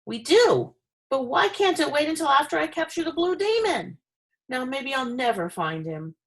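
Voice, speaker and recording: Storybook farmer, read by a woman: gruff, loud, blustering man, gravelly. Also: high voice, sing-song, moderate pace, voice pushed up, full character voice. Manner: yelling, gruff.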